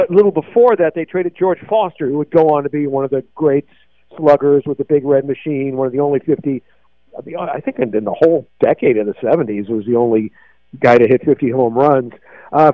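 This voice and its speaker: A man's voice: on the high side, no room sound. An older man telling rambling sports memories, full of fillers and restarts, as a show host. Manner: digressive, many fillers and restarts. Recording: dry tinny phone-like sound.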